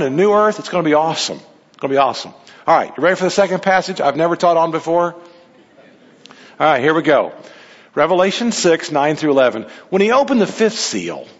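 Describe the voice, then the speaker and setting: A high-voiced man delivers a Sunday sermon, swinging his pitch up and down as he preaches. The sound is dull and lo-fi, with a long reverb from a large hall. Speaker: pastor.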